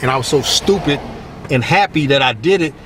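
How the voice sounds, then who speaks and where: A middle-aged vlogger from Long Beach, California, talks fairly quickly while casually recounting stories from his youth. He's animated, uses high voices for the people he quotes, and keeps asking "you know what I mean." He's outdoors by a basketball court, moving through traffic, with faint street and traffic noise behind him.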